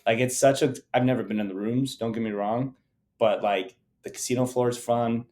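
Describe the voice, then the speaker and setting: A man's voice: mid-range voice, steady tone, normal speed, warm tone. A man co-hosting a podcast, chatting in an easygoing, friendly way. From Las Vegas area. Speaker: podcast co-host. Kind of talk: casual chat.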